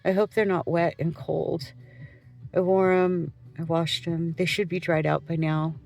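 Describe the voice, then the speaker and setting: A woman's voice: on the low side, little pitch movement, a little slow, creaky, a little mellow, soft background music. A middle-aged woman who works as a janitor, venting in a rambling, profane monologue.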